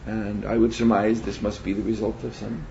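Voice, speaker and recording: A man teaching a spiritual seminar in a measured, reflective way, often pausing to hesitate. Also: lowish voice, level tone, creaky, warm tone. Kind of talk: spiritual lecture. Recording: dull lo-fi recording with faint hiss.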